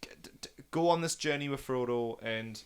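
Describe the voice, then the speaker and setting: Talking casually on a film review podcast, a first-time viewer gushes about the film in an enthusiastic ramble. He speaks a little fast, with a medium-pitched, clear, resonant voice.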